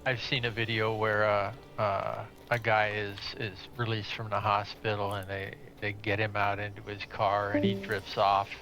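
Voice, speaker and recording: A man with a gravelly, sharp-edged voice chats casually on a gaming livestream. He tells stories with amused, halting restarts. Faint noise sits behind him. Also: on the low side, monotone, low-quality recording. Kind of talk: casual chat while gaming.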